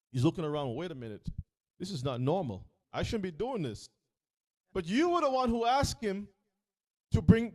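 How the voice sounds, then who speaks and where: A man leading a scripture reading, stopping often to ask questions and act out the story. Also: a little high. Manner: animated, questioning, acts out the story in voices. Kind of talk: interactive sermon.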